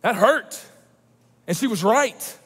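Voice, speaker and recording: Pastor in his 30s, high voice, emphatic sermon delivery, long church-hall reverb. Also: takes it slowly, husky. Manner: animated, emphatic preaching with personal storytelling. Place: large church auditorium.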